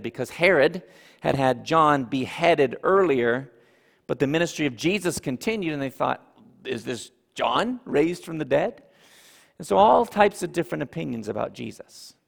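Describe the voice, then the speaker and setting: A man preaching a sermon as pastor, emphatic and animated, with asides to the congregation. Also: fairly high pitch, creaky. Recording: reverberant hall.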